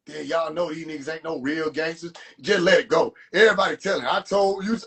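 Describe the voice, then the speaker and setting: A man ranting and mocking in a profane, animated rant to a live audience, streamed from a phone. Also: a little high, fairly quick. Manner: animated, profane, rants and mocks. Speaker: livestream host. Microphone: phone livestream.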